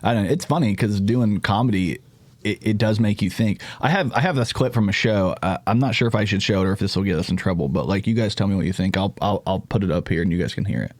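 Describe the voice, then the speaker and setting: A man's voice: on the low side, fast talker, darkish tone, no room sound. A man hosting a podcast, rambling through jokey, profane casual chat. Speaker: podcast host.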